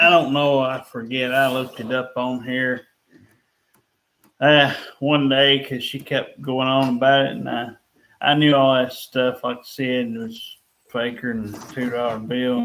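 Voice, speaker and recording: A man's voice: mid-range voice, a bit bright, poor audio. A man in casual chat, explaining things in a rambling, folksy way. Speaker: live stream guest.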